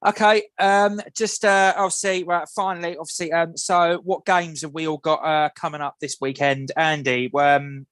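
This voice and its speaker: A man's voice: a little high, little pitch movement, normal speed, hardly any pauses, fairly bright tone, clear, resonant tone, no echo. A man hosting a casual radio football show, asking loose questions full of "obviously" and "um".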